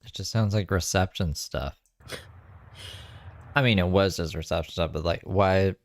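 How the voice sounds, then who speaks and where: A man's voice: deep voice, normal speed. A man hosting a live stream, making dry, offhand remarks to his chat. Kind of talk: casual live-stream commentary.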